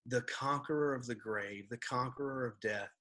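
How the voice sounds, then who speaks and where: A man's voice: medium pitch, normal speed, bright, forceful tone. A man who is a pastor, talking earnestly in a casual church podcast conversation and reading scripture aloud.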